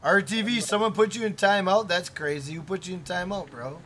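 A man's voice: high-pitched, fairly quick, sharp tone, slight background noise. A man live-streaming a game, chatting casually, swearing and joking as he reads out viewer messages.

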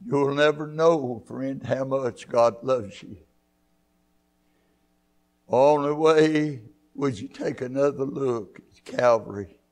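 A man preaching a church sermon, fervent, rising to loud high peaks and throwing in hallelujahs. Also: takes it slowly, pauses often. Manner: punctuates with hallelujahs and amens. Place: church sanctuary.

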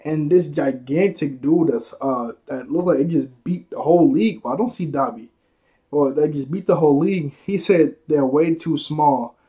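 A man's voice: on the high side, normal speed, mellow, husky. A man casually reviewing a manga chapter, rambling and restarting his sentences, with chuckles along the way.

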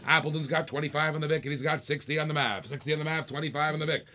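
A man's voice: a little high, fairly even intonation, rapid-fire, bright, forceful tone. A man hosting a live online auction, calling bids in playful, repetitive patter with jokes. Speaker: auctioneer and host.

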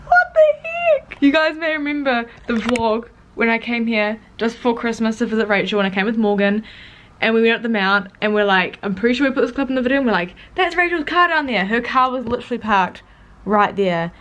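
A young woman with a New Zealand accent, chatting casually and excitedly to camera in a vlog. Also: mid-range voice, a little fast. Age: young adult. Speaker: vlogger. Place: car, street and outdoors.

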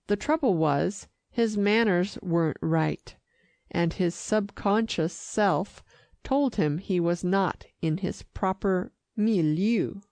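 A woman narrating an audiobook in a measured storytelling manner. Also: on the low side, a little mellow, no echo.

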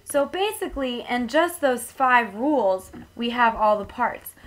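A woman's voice: fairly high pitch, lively intonation, measured pace. A woman teacher giving a classroom tutorial, explaining rules step by step in a patient manner.

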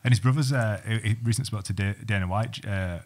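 A man with a fairly low voice hosts a casual podcast chat. He is laid-back and steers the conversation along. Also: fast talker. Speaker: podcast host.

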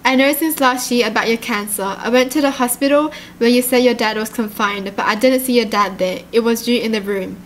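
A woman reading out a devoted young boyfriend's text messages in a tender, pleading way, close to her own high voice. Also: fairly quick, few pauses, slight background noise, lightly acted.

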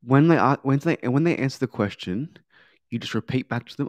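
Man, sales trainer, coaching lesson, emphatic repetition, medium pitch, dry recording. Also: animated, fairly quick, no echo. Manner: coaching, repeats key points, acts out sales dialogue.

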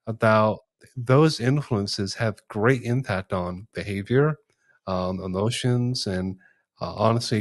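Thoughtful man, lowish voice. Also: no echo. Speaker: podcast host. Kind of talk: casual chat.

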